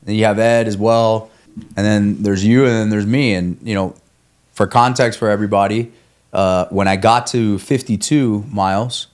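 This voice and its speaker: A man, a guest on a podcast, telling a long story in casual chat, swearing freely and laughing as he goes. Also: lowish voice. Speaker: guest, ultramarathon runner.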